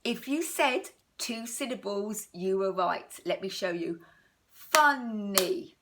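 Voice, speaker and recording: An English woman teaching young children a phonics lesson, slow, sing-song and encouraging, stretching words out. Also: mid-range voice, animated. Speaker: primary school teacher.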